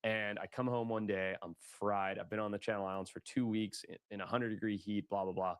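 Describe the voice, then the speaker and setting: A man being interviewed, telling a story in a casual, animated way, full of slang and acted-out quotes. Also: lowish voice, brisk, clear, resonant tone, no echo. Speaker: guest telling his story.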